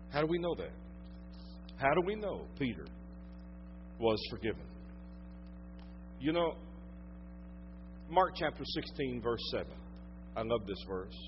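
A pastor with a Southern US accent and a mid-range voice preaches a sermon, captured in dull audio. He shifts between loud emphasis and hushed tones, stretching out his phrases.

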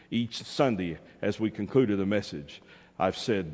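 A man's voice: on the low side, normal speed. A man preaching a fervent sermon from the pulpit, repeating lines and calling his congregation to respond. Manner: fervent, repetitive call-and-response, rising to shouted exhortations. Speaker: pastor. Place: church sanctuary. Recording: long reverb in a church.

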